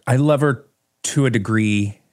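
A man co-hosting a podcast in casual, playful chat, rambling with slow deadpan asides. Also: mid-range voice, dry recording, clean studio sound. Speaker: podcast co-host.

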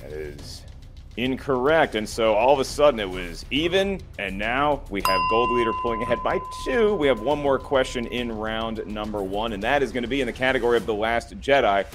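A man's voice: medium pitch, expressive, a little fast, fairly bright tone, soft background music. A man hosting a live trivia quiz with playful banter, counting down answers and teasing the contestants. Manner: playful, jokey, counts down timers. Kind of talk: game show hosting with banter.

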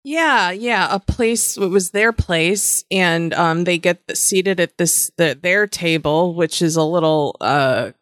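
Lowish voiced woman, blunt sweary show recap, dry mic. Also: slow, few pauses, fairly bright tone, no room sound. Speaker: podcast co-host. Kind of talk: casual TV recap chat.

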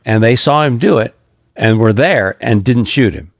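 A man co-hosting a podcast, telling an anecdote in a halting, rambling way with restarts. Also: medium pitch, gravelly, no echo, clean studio sound. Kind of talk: casual conversation.

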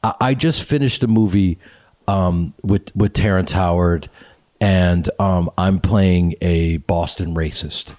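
A man hosting a casual podcast, telling stories in quick bursts with restarts. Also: deep voice. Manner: animated storyteller, quick bursts with trailing restarts. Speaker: podcast host. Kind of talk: casual podcast chat and read ad.

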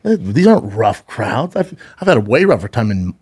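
A man's voice: on the low side, very animated, normal speed, a little mellow, breathy edge. A man co-hosting a podcast, telling a story in casual chat, acting out quotes and swearing freely. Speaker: podcast co-host.

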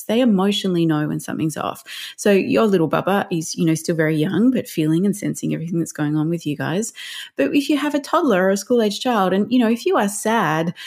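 A woman's voice: fairly low pitch, darkish tone. A middle-aged woman, a parenting counsellor, explaining emotional intelligence in an earnest, emphatic interview style. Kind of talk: conversational interview.

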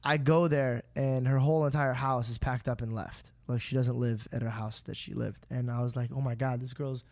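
A man's voice: medium pitch, moderate pace, no echo. A young man, a podcast host, telling a long personal story in casual chat, swearing freely and acting out what people said. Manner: animated, swears freely, acts out quotes.

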